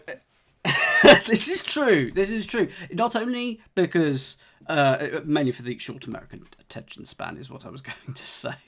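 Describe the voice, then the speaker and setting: A man solving a cryptic crossword on a live stream, chatting and joking with his viewers as he thinks aloud. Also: medium pitch. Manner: chatty, jokey, thinks aloud, talks to chat. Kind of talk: casual live-stream chat.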